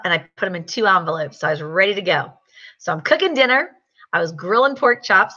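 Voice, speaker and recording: A woman's voice: medium pitch, muffled recording. A middle-aged woman telling a personal story and giving a motivational sales pep talk, acting out what people said. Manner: animated storyteller, acts out quotes.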